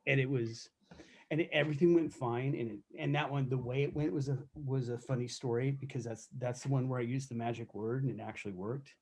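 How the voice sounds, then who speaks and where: Speaking fairly quickly in a mid-range, fairly even voice that's a little mellow and husky, this middle-aged self-defense instructor recounts his corrections officer days. The live chat is casual, his stories candid and profane, with many restarts.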